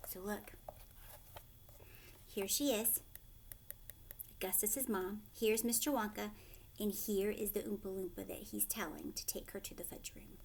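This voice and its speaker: A woman teacher reading a children's novel aloud, narrating expressively and pausing to point things out to young listeners. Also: mid-range voice, gravelly, background noise.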